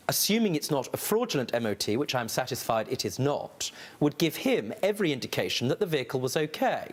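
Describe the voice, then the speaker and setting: A man presiding as a TV courtroom judge, speaking in playful, mocking banter and laughing often. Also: mid-range voice.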